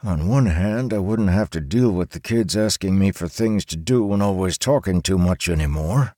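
A man's voice: deep voice, moderate pace, mellow, no echo, clean studio sound, voice pushed up. A man voicing a blunt, grumpy old grandfather in an audiobook. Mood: grumbling. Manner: blunt, matter-of-fact. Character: grumpy old grandfather who dislikes talking. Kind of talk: audiobook character voice.

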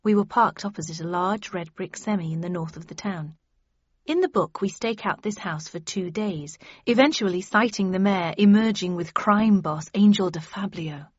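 A woman's voice: medium pitch, moderate pace, breathy edge, no room sound, highs cut off. A woman narrating a novel, shifting her voice for each character. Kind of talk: audiobook narration.

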